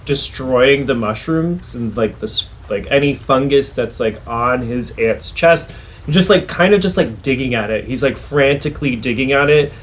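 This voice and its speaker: A man's voice: mid-range voice, moderate pace, slight background noise. Rambling man playing a tabletop game. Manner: rambling, heavy use of "like". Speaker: player. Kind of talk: describing his character's actions in a tabletop game.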